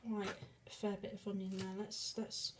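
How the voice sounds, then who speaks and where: Rambling woman cooking over loud sizzling. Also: mid-range voice, little pitch movement, moderate pace, noisy background. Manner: rambling, self-deprecating, many fillers and restarts. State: sniffing, eyes watering from onion. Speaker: home cooking vlogger. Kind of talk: casual cooking demonstration. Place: home kitchen.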